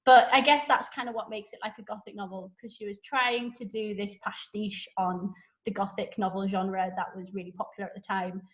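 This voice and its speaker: A woman casually recapping a story on a podcast, chatty and animated, with lots of "like". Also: mid-range voice, fairly quick. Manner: chatty, animated retelling with frequent "like". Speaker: podcast guest. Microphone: podcast microphone.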